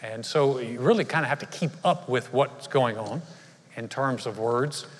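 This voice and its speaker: A man's voice: mid-range voice, moderate pace. A man, a pastor giving a conversational, humorous sermon in a large church. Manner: conversational storytelling with humor and asides. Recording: live church hall reverb.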